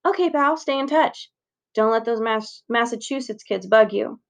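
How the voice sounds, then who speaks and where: A woman reading aloud as a playful boy friend, with a slow, teasing delivery. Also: on the high side, creaky. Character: young boy, joking best friend on the phone.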